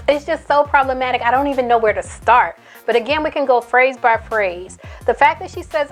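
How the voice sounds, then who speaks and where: An outspoken woman talks in a casual commentary style and hammers her points home by repeating them. Her voice sits fairly high. Faint music plays under her. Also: a little fast, hardly any pauses. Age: adult, a mother. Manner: outspoken, emphatic, repeats for emphasis. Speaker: commentary YouTuber. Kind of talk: casual commentary, reading tweets aloud.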